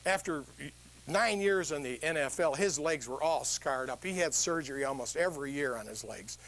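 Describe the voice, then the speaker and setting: A man's voice: fairly high pitch, normal speed. An older man giving a humorous motivational talk to a live audience, telling stories and asking the crowd questions. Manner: animated storytelling, quizzes the audience with questions. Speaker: motivational speaker.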